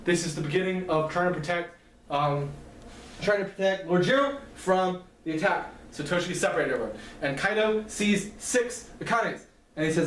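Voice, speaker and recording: A man with a high voice recaps the story of his own novel at a moderate pace, his tone fairly bright. The retelling is loose and casual, like a lecture, full of fillers and restarts. The recording sounds roomy, with a distant mic and faint noise.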